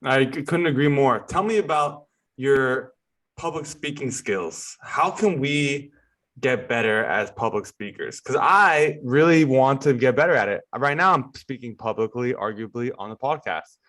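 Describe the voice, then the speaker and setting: A male podcast host with a mid-range voice who asks questions in an earnest, self-reflective way. He tries to speak slowly and carefully. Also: mid-range voice, lively intonation, a bit bright. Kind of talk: interview questions.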